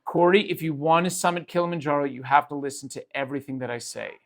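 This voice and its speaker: A man imitating a strict male mountain guide, speaking in a low, quiet and firm voice. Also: fairly even intonation, quick pace, lightly acted. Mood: stern.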